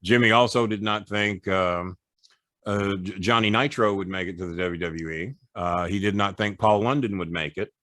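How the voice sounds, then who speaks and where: His voice sits on the low side at a normal speed, captured in studio quality with no echo. He's a middle-aged ex-wrestling manager on a podcast, casually telling animated stories full of boasting and profanity.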